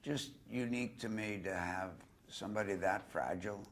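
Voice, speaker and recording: A man's voice: fairly low pitch, moderate pace, a little hiss or hum. An older man, an interview guest, telling a long personal story and doing voices for the people he quotes. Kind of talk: anecdotal storytelling.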